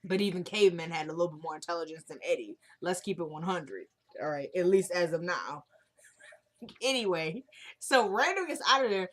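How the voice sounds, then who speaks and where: A woman's voice: on the low side, expressive, brisk. A woman casually recapping a TV drama episode, chatting and acting out the characters' lines as she retells them.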